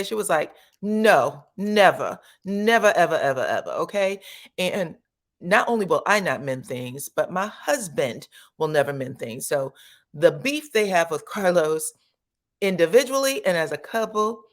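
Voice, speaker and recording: A woman hosting a casual gossip commentary, chatty and animated, tagging her points with "okay?" and acting out quotes in sudden high voices. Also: a little slow. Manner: chatty and animated, peppers speech with "okay?" and "child"; acts out quotes with sudden high pitch jumps. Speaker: commentary channel host.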